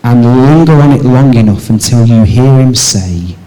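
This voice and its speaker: A man preaching a church sermon, asking the congregation rhetorical questions and moving between raised emphatic lines and soft, low passages. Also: moderate pace, few pauses, low-quality recording. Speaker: pastor.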